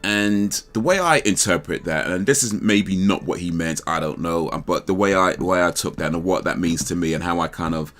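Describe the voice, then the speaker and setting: A man's voice: low-pitched, brisk, hardly any pauses, fairly bright tone. A man hosting a casual livestream chat, rambling, laughing and trailing off mid-thought. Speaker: livestream host.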